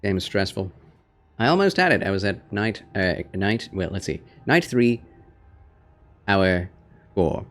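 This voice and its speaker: A man's voice: lowish voice, expressive, a little slow, long pauses, fairly bright tone. A man streaming a horror game for his chat, chatting casually and cooing at his cat. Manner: talks baby talk and whispers to his cat. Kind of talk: casual gameplay livestream chat.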